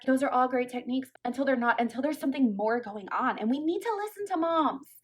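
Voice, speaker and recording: A woman's voice: high voice, lively intonation, fairly quick. A woman lactation consultant, giving emphatic, fired-up commentary in a folksy way. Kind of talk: opinionated commentary to camera.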